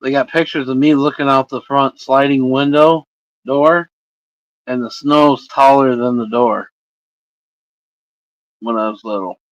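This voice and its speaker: This Indiana livestream host, a man in his forties, rambles through casual chat with his viewers and swears constantly into his streaming microphone. His medium-pitched voice stays steady at a measured pace with long pauses, and the recording sounds dry and dull.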